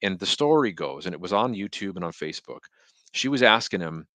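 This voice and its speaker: Deep-voiced emphatic man. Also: a little fast, dry recording. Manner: emphatic, fires off rhetorical questions; animated storyteller who acts out quotes. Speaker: marketing consultant, podcast guest. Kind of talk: conversational podcast interview.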